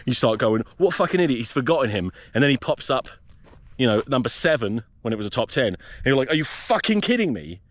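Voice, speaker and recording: A man hosting a rugby podcast, ranting in a profane, rambling, jokey way while hiking outdoors in a desert wilderness. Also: mid-range voice. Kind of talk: casual rant while hiking.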